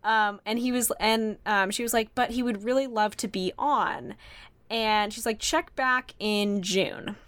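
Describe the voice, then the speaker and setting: A young woman podcast host telling a story in casual chat, animated and full of fillers, acting out her own excited reactions. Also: medium pitch, a little slow, no room sound. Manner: animated, quotes herself in excited voices, many fillers.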